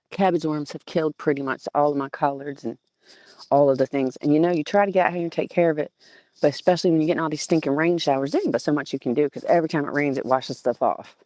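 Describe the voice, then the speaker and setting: A woman's voice: deep voice, fast talker, dry recording. A woman from southeastern Virginia with a Southern accent, chatting casually and animatedly to viewers on a phone as she walks her garden. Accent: Southern American. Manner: chatty and animated, cooing at plants and greeting viewers. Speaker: gardening vlogger. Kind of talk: casual live-stream chat. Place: outdoor home garden. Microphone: old phone.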